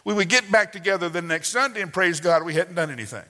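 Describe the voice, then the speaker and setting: A man in his sixties preaching a sermon, telling folksy family stories with sudden loud outbursts and soft asides. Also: sits high, fast. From Southern United States. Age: 60s. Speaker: pastor. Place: church sanctuary. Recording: long hall reverb.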